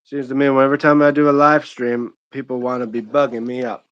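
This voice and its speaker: Casual man from Michigan, mid-pitched, rambling streamer chat, dull lo-fi mic. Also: level tone, a little fast, a bit bright. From Michigan, United States. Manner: rambling, chatty, many fillers and restarts. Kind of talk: casual live-stream chat while gaming.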